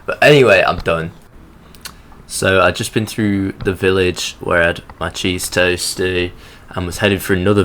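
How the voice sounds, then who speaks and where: A man's voice: sits low, a bit bright, a little hiss or hum. A young man narrating his hike in a rambling, sardonic, sweary voice-over. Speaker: hiking vlogger.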